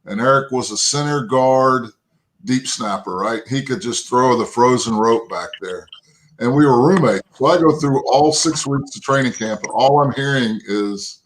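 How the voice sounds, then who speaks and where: A former football lineman from Texas, a man in his fifties, talks as a guest on a show. He tells long, rambling anecdotes in a folksy way. His voice sits at an average pitch and he keeps checking in with "right?". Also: moderate pace, rough recording. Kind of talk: interview storytelling.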